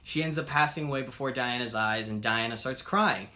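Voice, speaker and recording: A man's voice: medium pitch, fairly even intonation, brisk, hardly any pauses, bright, forceful tone. A man reviewing a comic book in a chatty, upbeat way, acting out the characters' lines as he retells the story. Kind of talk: casual spoken review.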